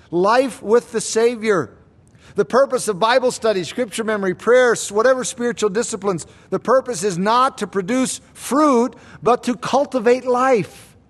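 A man preaching a sermon, slow and deliberate, repeating key words for emphasis. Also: high voice, expressive. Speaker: pastor.

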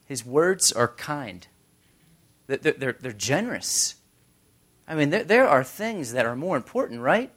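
A man preaching a casual sermon who tells stories and briefly acts out the crowds. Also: medium pitch. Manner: conversational, animated storytelling with quick voices for crowds. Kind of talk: casual sermon with acted-out scenes.

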